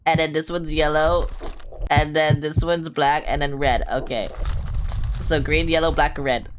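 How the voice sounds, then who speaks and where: A woman streamer talking through her gameplay live, excitable and quick to panic, swearing casually as she plays. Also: deep voice, slight background noise. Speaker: game streamer. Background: game music.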